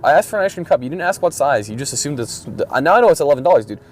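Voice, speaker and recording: A man's voice: a little high, sing-song, very fast. A young man rambling casually and profanely while driving, griping with mumbled, exasperated energy. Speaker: vlogger. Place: in a car, driving. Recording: faint road noise in a car. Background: vehicle noise.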